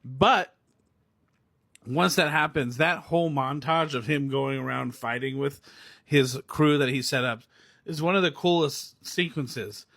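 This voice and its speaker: Self-filmed on a phone or camera, a young man reviews a movie in a casual rant, excitable, rambling, and laughing frequently. His voice is medium-pitched and a little slow, with clean studio sound and no echo.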